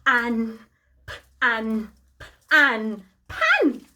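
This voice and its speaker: Woman doing a slow robot voice. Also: fairly high pitch, a little hiss or hum, exaggerated voice. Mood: robotic. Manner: slow, flat, sound-by-sound robot talk. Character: toy robot speaking in segmented sounds.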